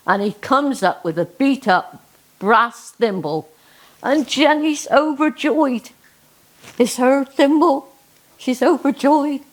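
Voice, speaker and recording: Woman, Cornish accent, comic storyteller, slow unhurried telling, high-set voice, emphatic folksy. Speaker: dialect storyteller and poet.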